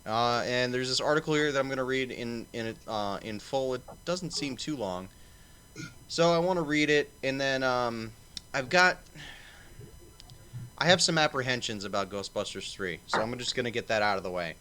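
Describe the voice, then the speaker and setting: A man's voice: mid-range voice, expressive, moderate pace, bright, forceful tone, clear, resonant tone. A man hosting a casual livestream panel, swearing and rambling with lots of fillers. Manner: profane, rambling, filler-heavy. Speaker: stream host.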